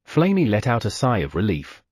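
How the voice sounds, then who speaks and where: A man narrating an audiobook, telling the story with lively sound effects. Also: on the low side, brisk, slightly rough, dry recording, clean studio sound.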